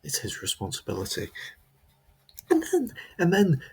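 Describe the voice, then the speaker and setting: A man's voice: high voice, huge pitch swings, normal speed, vocal fry, darkish tone, husky. A man delivering a comedic character monologue, rambling and stammering, repeating himself as he justifies himself.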